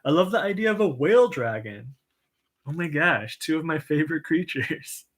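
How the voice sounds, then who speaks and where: A man hosting a casual livestream, reading viewer comments with an upbeat, encouraging manner, lots of "um" and soft laughs. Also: on the high side, animated, moderate pace. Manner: chatty and enthusiastic, frequent "um" and soft laughs; says "y'all", upbeat and encouraging. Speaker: livestream write-in host.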